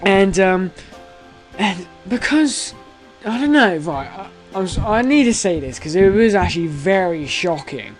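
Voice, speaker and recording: A young man in his late teens telling a story to camera in a rambling, excitable way, full of fillers, restarts and swearing. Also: high voice, a little slow, faint music behind, low-quality recording. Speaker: vlogger.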